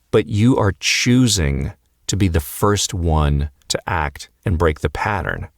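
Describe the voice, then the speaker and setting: Deep-voiced man giving calm marriage advice. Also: no echo, studio quality. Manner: calm, earnest, repeats phrases for emphasis. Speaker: marriage coach. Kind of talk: motivational advice talk to husbands.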